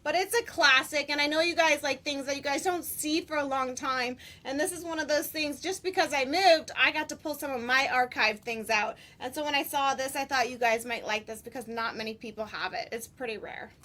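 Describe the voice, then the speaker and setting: Bubbly high-voiced woman, bright tone. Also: fairly quick, hardly any pauses. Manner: bubbly, laughs often. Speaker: interview guest. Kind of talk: casual interview chat.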